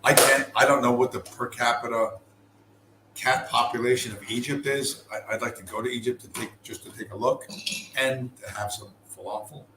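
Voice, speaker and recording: A man's voice: mid-range voice, steady tone, moderate pace. A middle-aged man from the United States telling a long, profane, rambling story in casual talk. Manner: profane, rambling, full of fillers and restarts. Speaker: podcast host. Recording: roomy with faint background noise.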